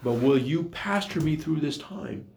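A man's voice: on the high side, lively intonation, unhurried, vocal fry, a little mellow, a little hiss or hum. A man preaching a sermon in an earnest, repetitive way, full of rhetorical questions, recorded in an echoey room.

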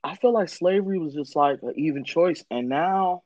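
A man's voice: on the high side, moderate pace, darkish tone, no room sound, rough recording. A man hosting a casual podcast, telling stories with heavy cursing and acting out the people he quotes. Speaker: podcast host. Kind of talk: casual profane chat.

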